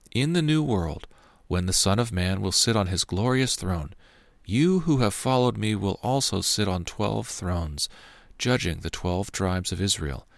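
Man voicing a calm grave male teacher, unhurried, low gravelly voice, dry sound. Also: dry recording.

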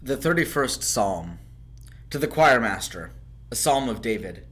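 A man reading psalms aloud in a measured, solemn way, rising on the lines of praise. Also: mid-range voice, animated, fairly bright tone, slightly rough. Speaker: scripture reader. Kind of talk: scripted scripture reading.

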